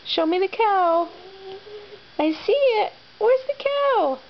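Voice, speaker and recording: A woman's voice: very high-pitched, lively intonation, takes it slowly, muffled recording. A mother reading a picture book to her toddler in a sing-song, coaxing baby-talk voice.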